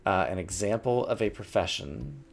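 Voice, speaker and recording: A man's voice: on the low side, lively intonation, moderate pace, vocal fry, soft background music. A man thinking aloud as he plays a word puzzle game, musing and muttering words over to himself at a desk mic. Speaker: gaming YouTuber.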